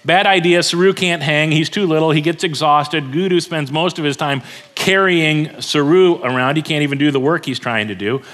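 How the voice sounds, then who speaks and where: A middle-aged male pastor giving a sermon, telling a story earnestly and slowing down to stress key words. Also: a little high, a bit bright. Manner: earnest storytelling, slows down for emphasis.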